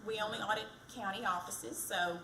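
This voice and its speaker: A woman's voice: medium pitch, steady tone, normal speed, bright, forceful tone. A woman giving a chatty, self-deprecating campaign speech for county treasurer at a community event. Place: fire department community event. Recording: echoey, distant mic, background noise.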